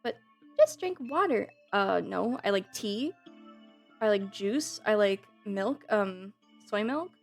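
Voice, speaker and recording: A woman's voice: medium pitch, slow, creaky. Woman streamer, casual live chat, laughs easily, swears offhand, faint music underneath. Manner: chatty and giggly, swears casually.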